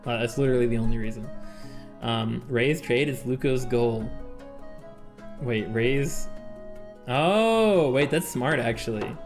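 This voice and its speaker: A man's voice: mid-range voice, unhurried, long pauses, soft background music. A man streaming a game with his chat, chatting casually, laughing often and reading game text aloud. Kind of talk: casual livestream chat while playing a game with chat.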